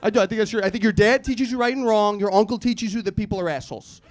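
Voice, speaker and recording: Audience laughter backs a thirties-aged comedian whose high voice rattles along quickly. His stand-up set rambles, pokes fun at himself and has him acting out the people he quotes.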